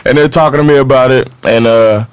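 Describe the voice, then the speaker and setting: A man's voice: mid-range voice, a little fast, clean tone, no room sound. A man on a podcast telling a rowdy story in casual, profane chat, laughing as he goes. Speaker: podcast co-host.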